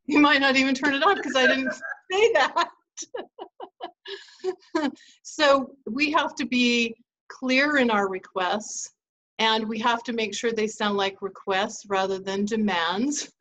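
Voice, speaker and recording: A woman's voice: on the high side, takes it slowly, a bit bright, poor audio. A middle-aged woman hosting a relationship advice talk, telling stories from her marriage and laughing easily. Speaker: host.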